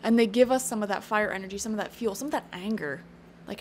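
A woman's voice: mid-range voice, fast, slight background noise. Chatty woman giving a tarot reading. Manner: chatty, encouraging, thinks aloud with fillers. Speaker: tarot reader. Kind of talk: casual spoken tarot reading.

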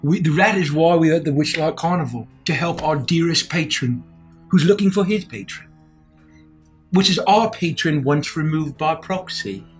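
A woman's voice: low-pitched, moderate pace, slightly rough, soft background music. A woman player speaking in character at a tabletop role-playing game, earnest and soothing.

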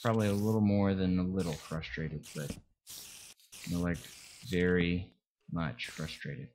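A man narrating his own gameplay as a let's play, excitable and quick to yelp and groan when things go wrong. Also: low-pitched, slight background noise, low-quality recording. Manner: excitable, yelps and groans at in-game threats. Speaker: gameplay commentator.

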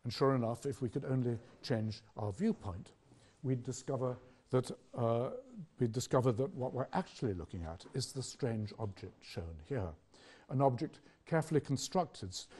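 With a husky, dark mid-range voice and lively intonation, an older British man gives an academic public lecture. He speaks in a measured, questioning style marked by rhetorical pauses.

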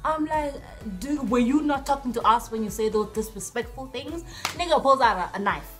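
A young woman vlogger telling a story in a lively way, acting out the dialogue in different voices. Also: a little high, normal speed, faint music behind. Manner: animated, acts out dialogue in voices. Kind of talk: storytime vlog.

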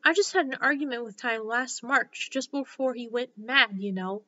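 Brief: woman doing an eccentric storybook hatter, bright and slow, mournful, lo-fi audio. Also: on the high side. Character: eccentric fussy male hatter. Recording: slightly dull lo-fi recording.

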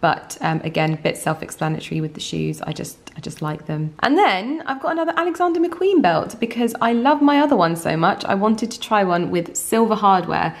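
A young woman vlogging at home in a chatty, casual way, often dropping to soft, hushed speech. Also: mid-range voice, animated, fairly quick, hardly any pauses. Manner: chatty, with frequent fillers like "like" and "um". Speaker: lifestyle vlogger. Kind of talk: casual chat to camera.

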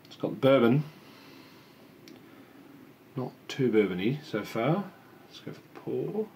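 A man's voice: mid-range voice, sing-song, measured pace, a little mellow, slight background noise. A young man casually chatting and rambling as he tastes and reviews a home-brewed beer. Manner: chatty, rambling, self-deprecating. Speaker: homebrew reviewer. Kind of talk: casual beer tasting vlog.

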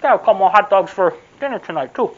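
Here a food vlogger's voice sits high, with lively intonation and a fast delivery, over dull audio. He offers a casual, rambling sauce taste-test, saying things more than once, then signs off warmly.

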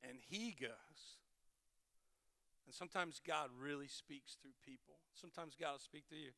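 A middle-aged man, a pastor, preaching a sermon with animated storytelling and playful self-deprecating humor. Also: a little high, normal speed, vocal fry, in a large hall. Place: large church hall.

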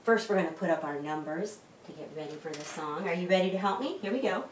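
A woman librarian reading a story to children in a lively sing-song way. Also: on the low side, fast, slight background noise. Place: library room. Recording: echoey room, mic at a distance.

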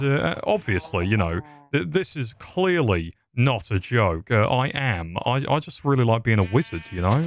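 A man's voice: mid-range voice, a little hiss or hum. Sarcastic sweary man. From England. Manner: sarcastic, swearing, rambling jokes. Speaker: gaming YouTuber. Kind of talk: casual gameplay commentary.

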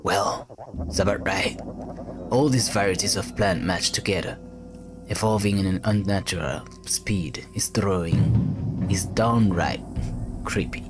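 A man reading a blunt young ninja's dialogue in a flat, terse manner close to his own voice. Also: low voice, measured pace, long pauses, music in the background. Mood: deadpan.

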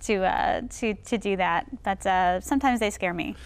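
A woman's voice: medium pitch, normal speed, clear, resonant tone. A young woman actress, a guest in a casual interview, speaking in a bubbly way with frequent restarts.

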